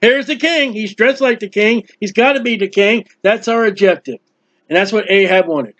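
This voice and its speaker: A man's voice: high voice, moderate pace. A man preaching an expository Bible sermon, acting out the biblical characters and quoting scripture. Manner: animated, acts out biblical characters, quotes scripture. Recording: dull lo-fi recording.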